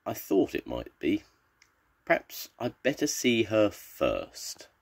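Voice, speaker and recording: A grandad voicing a brisk kindly vet. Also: male voice, fairly low pitch, wildly swooping pitch, gravelly, voice pushed up, heavily acted. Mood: calm. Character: kindly male vet, quickly flustered.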